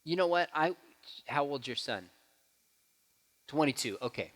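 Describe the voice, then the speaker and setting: A man in his forties speaks in a church hall with long reverb. His pitch swings widely as he tells family stories and acts out what people said, and the room rings on after him. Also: unhurried. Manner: animated storyteller who acts out quotes. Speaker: guest speaker. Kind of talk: church talk with Q&A.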